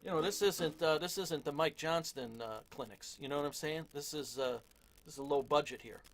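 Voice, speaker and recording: A man giving a casual drum lesson, relaxed and self-deprecating, with lots of fillers. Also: a little high, a little fast, a little hiss or hum. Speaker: drum teacher. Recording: loud drums between talk.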